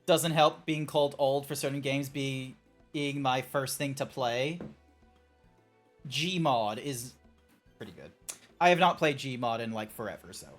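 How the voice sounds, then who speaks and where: A man streaming a video game, chatting casually with an animated, playful manner and exasperated little outbursts. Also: medium pitch, unhurried, pauses often. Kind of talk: casual gameplay stream chat. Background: faint chill background music.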